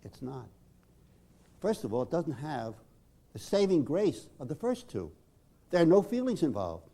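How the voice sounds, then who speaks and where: Emphatic lecturing therapist, man, lively pitch. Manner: measured, emphatic, with dramatic pauses. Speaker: psychotherapist.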